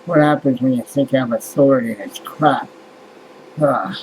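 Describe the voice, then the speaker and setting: A man's voice: mid-range voice, fairly even intonation, normal speed, noisy background. A man musing aloud in a casual vlog monologue, rambling and swearing as he grumbles about things that irritate him. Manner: rambling, profane, exasperated musing. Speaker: vlogger.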